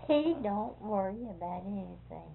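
A woman's voice: medium pitch, expressive, moderate pace, vocal fry. An older woman, talking plainly in casual conversation. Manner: plainspoken, fretful. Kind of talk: casual chat. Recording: tinny phone-like recording with faint hiss.

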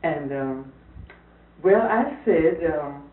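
A woman's voice: lowish voice, moderate pace. Woman telling a story on old tape. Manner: animated, acts out quoted voices, hesitant fillers. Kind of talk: casual storytelling conversation. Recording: lo-fi distant echoey archival tape with hiss.

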